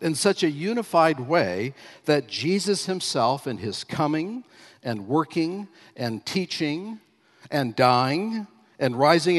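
Male pastor preaching, emphatic, leans on key phrases, long hall reverb. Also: on the high side. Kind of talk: sermon.

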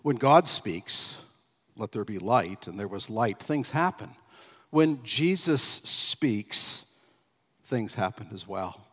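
A man's voice: fairly low pitch, expressive, fairly bright tone, breathy edge. Preaching man in a reverberant hall. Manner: emphatic preaching, slowing on key phrases. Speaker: pastor. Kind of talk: sermon.

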